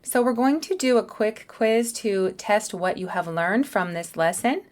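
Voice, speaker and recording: A woman teaching a beginner English lesson, speaking in a clear, careful way. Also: mid-range voice, expressive, a little slow.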